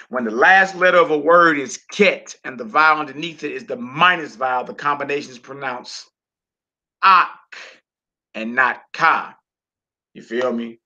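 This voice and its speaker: Gravelly guy teaching a laid-back lesson, punchy voice, slow repeats of every word, muffled lo-fi sound. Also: mid-range voice, pushed and bright. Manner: repeats and slowly drawls each word. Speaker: Hebrew teacher. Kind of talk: casual homeschool lesson.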